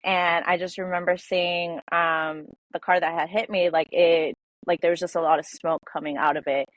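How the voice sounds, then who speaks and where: Woman, twenties, podcast guest, halting, filler-heavy, dry close sound. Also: fairly low pitch, flat delivery, no room sound. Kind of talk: personal storytelling in an interview. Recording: dull lo-fi dry audio.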